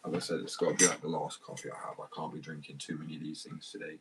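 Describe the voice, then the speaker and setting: A man's voice: very deep voice, flat delivery, rapid-fire, heavy background noise. A man, chatting casually and rambling for a vlog, swearing freely and sounding drowsy and loose. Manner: rambling, sweary, laid-back. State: drowsy on muscle relaxant.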